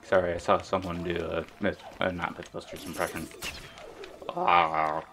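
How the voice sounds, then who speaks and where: A man's voice: deep voice, flat delivery, moderate pace, creaky, sharp tone. A man giving joking, rambling commentary while playing a video game, muttering to himself. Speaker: gamer. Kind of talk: casual let's play commentary. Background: game music.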